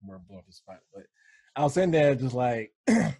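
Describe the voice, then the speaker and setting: A man in his thirties chatting casually with friends, slangy and laid-back, sometimes breaking into a high falsetto when he jokes. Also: sing-song, brisk, warm tone, breathy edge. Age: 30s. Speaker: podcast co-host. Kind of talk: casual chat.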